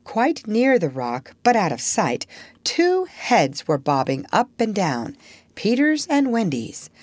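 A woman narrator reading a storybook aloud in a measured, expressive way. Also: medium pitch, no room sound.

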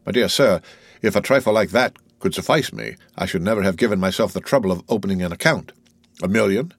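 A man reading the part of a cold, suave, gentlemanly wealthy count, in a coolly ironic, unhurried manner. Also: deep voice, lively intonation, no echo. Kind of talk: audiobook character reading.

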